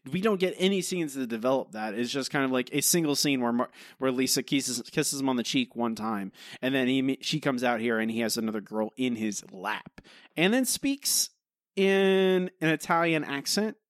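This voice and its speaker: In studio-quality, dry audio, a podcast co-host with an animated, medium-pitched voice talks at normal speed. He picks apart an episode in loose, rambling chat, often restarting and using fillers.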